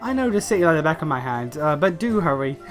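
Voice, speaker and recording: A man reading the lines of a pompous noble offering a reward, halting on uh fillers, voice slightly high. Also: big pitch swings, faint music behind. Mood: haughty.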